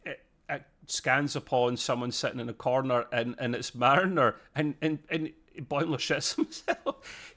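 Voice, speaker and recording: A man co-hosting a podcast, reviewing a TV episode in lively casual chat, laughing often. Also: mid-range voice, unhurried. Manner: animated, laughs often, slips into mimicry. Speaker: podcast co-host.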